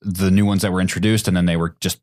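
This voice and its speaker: A man's voice: low-pitched, little pitch movement, fast, a little mellow. A man guest co-host on a movie podcast, talking casually and stumbling over his words. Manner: hesitant, stumbling restarts. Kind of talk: casual chat.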